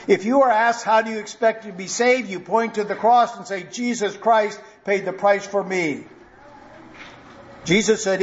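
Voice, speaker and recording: A male pastor preaching a sermon in an earnest, reassuring way, slowing down to repeat key points with emphasis. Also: sits high, highs cut off.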